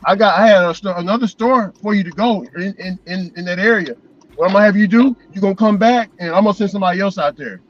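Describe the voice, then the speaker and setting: A man's voice: high voice, quick pace, lo-fi sound. A man vlogging as a delivery driver, chatting casually and telling loose, profane stories with frequent laughs. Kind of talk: casual chat.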